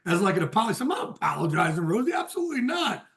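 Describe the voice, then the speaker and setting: A man with a high, bright voice tells a story on a sports podcast. He is animated and keeps breaking into laughter. He talks casually, as a guest would. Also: racing, vocal fry. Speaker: guest football insider. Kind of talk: casual anecdote telling.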